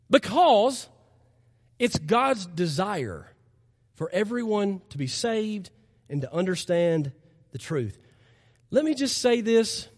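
A man's voice: sits high, big-room sound. A man preaching a sermon as pastor, earnest and emphatic, his voice rising in impassioned stretches, recorded in a church sanctuary.

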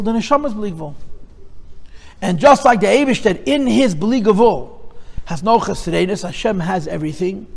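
A man with a high voice teaches a lesson on Chassidic texts. He explains step by step and repeats his phrases, working Hebrew and Yiddish terms into English. His voice rings with the long echo of a large hall. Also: creaky.

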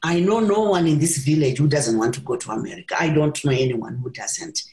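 A woman voicing a blunt, dismissive older village man who speaks in a gruff, commanding way, in a roomy recording. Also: deep voice, fairly quick, darkish tone. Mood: persuasive. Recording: roomy echo.

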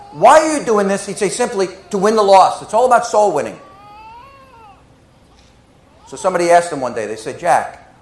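Fervent preacher with a lively high voice. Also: male voice, roomy sound, poor audio. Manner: emotional, dramatic storytelling with swings from hushed to loud. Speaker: pastor. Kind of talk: sermon.

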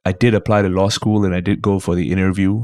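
Male comedian, deep voice, dry close mic, lively storyteller who swears casually. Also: quick pace, no room sound. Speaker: guest host, stand-up comedian. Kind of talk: casual podcast chat.

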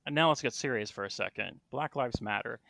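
A man's voice: mid-range voice, fairly quick, creaky, sharp tone, dry recording. A man from the American South with a Southern accent, hosting a casual podcast chat with easygoing, agreeing replies.

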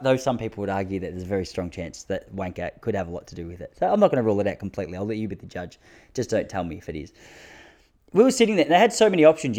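A man's voice: mid-range voice, a little mellow. A man in his thirties with an Australian accent, telling comic stories in a casual, crude, self-mocking way and laughing at his own jokes. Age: 30s. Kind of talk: casual comic storytelling monologue.

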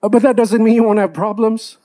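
A man's voice: high-pitched, level tone, fairly quick, mellow. A man preaching a sermon in a church. He talks earnestly and acts out the complaints of believers.

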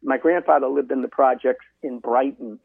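Over a dry, phone-like connection, a Massachusetts man near seventy, a marathon runner appearing as a guest, narrates his experiences and performs his exchanges with others, quoting them with animation. His mid-range voice is gravelly and husky, moving at a moderate pace.

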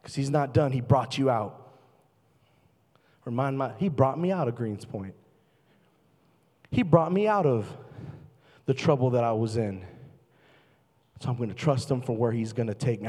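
A man preaching a sermon as pastor, fervent and shifting between loud bursts and quiet, low asides. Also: expressive, moderate pace, pauses often. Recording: long reverb of a large hall.

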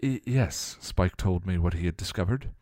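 A man's voice: low voice, normal speed, a little mellow, no echo, studio quality. A man voicing a stern, scholarly older male mentor who scolds and explains himself in a story reading. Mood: flustered.

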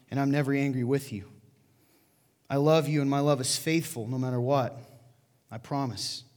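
A male pastor preaching in a church hall, his mid-pitched voice trailing off into a long reverb. He talks to the congregation in a loose, chatty way and drops playful asides to the crowd. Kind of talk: sermon to a congregation.

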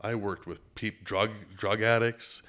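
A middle-aged man from Minnesota, a podcast guest telling stories in a casual, animated way and sometimes doing playful impressions. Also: on the low side, unhurried. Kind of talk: casual storytelling interview.

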